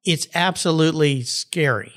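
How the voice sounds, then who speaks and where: Male podcast host, slightly high voice, keen and emphatic interviewer. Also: normal speed, a bit bright. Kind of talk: casual interview chat.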